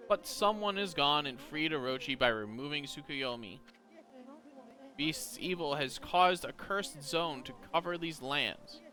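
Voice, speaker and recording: A smug young male prophet from a video game speaks in a lofty, theatrical, teasing way, as a man reads his lines aloud. The voice sits a little high, with a bright, forceful edge. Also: lively intonation, measured pace. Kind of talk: reading game dialogue aloud.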